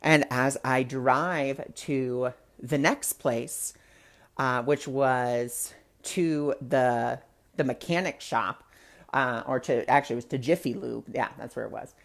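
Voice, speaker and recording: Woman spiritual host with a low voice, casual chatty storyteller. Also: slow, creaky. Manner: chatty, many fillers, acts out quotes. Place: live online broadcast.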